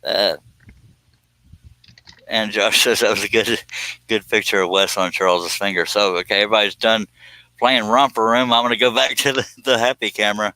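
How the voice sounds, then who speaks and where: Bright-voiced man hosting a livestream. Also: lowish voice, steady tone, moderate pace, pauses often, no room sound, rough recording. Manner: folksy, joking, reads viewer comments aloud. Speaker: livestream host. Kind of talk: casual livestream chat reading comments.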